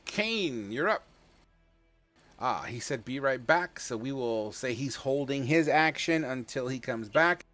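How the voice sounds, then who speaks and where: A man runs a tabletop game with a bright, forward voice, narrating rolls and attacks loosely. He jokes, swears casually and stumbles over his words now and then. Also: mid-range voice, animated, measured pace, soft background music. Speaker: game master.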